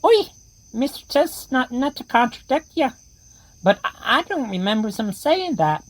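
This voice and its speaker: A woman's voice: fairly high pitch, unhurried, slight background noise, voice pushed up, poor audio. A woman voicing a chirpy toy tin soldier. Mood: polite. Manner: excitable, mangled grammar. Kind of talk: horror comedy radio play.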